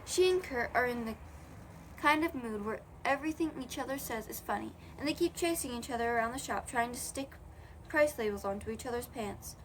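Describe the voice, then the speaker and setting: A woman's voice: a little high, expressive, brisk, a little hiss or hum. A young woman reading a children's novel aloud in a casual way, correcting her own slips as she goes. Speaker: audiobook reader.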